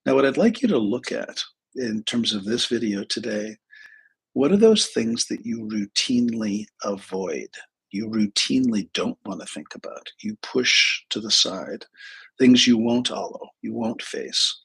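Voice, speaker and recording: A middle-aged man with a gravelly, rough, husky voice talks casually to his viewers. He rambles and pokes fun at himself, trailing off into fillers and starting sentences over. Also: medium pitch, very animated, a little slow, a bit bright, poor audio. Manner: rambling, self-deprecating, many fillers and restarts. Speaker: therapist and spiritual teacher. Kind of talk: casual livestream talk.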